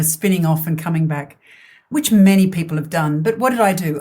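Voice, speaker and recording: A middle-aged woman from Australia, a guest talking about her career in a chatty, halting way. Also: medium pitch. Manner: chatty, hesitant with fillers and restarts. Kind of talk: casual interview.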